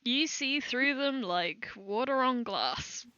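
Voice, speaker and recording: A woman narrates as game master for a tabletop game, giggly and lively. Her voice is very bright and slow, with a swooping pitch. The sound is dry and close. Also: lo-fi sound, a little hiss or hum.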